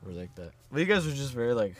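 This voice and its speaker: A man's voice: mid-range voice, sing-song, fast. A young man co-hosting a podcast, talking loosely and rambling, filling his sentences with "like.". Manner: loose rambling talk, full of "like". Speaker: podcast co-host. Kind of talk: casual chat.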